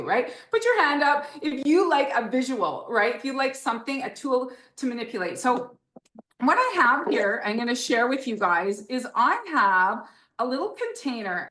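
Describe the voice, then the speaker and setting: A woman educator explains an idea in an interview, animated and encouraging, with a fairly high voice. She keeps asking her listeners rhetorical questions. The room sounds echoey around her. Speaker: author and educator guest. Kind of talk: enthusiastic teaching talk in an interview.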